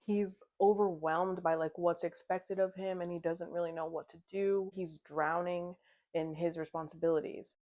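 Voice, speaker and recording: A woman's voice: on the low side, steady tone, moderate pace, darkish tone. A woman casually recapping a novel in a chatty, giggly way, slipping into the characters' lines as she retells the plot. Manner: chatty retelling, slips into quoted dialogue. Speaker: book club vlogger.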